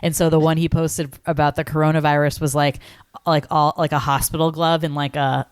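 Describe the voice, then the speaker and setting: Rambling through a casual podcast chat, this co-host in her thirties leans heavily on "like" as a filler. She has a deep, clear, resonant voice with a level tone and a fairly quick pace, captured in clean studio sound with no room sound.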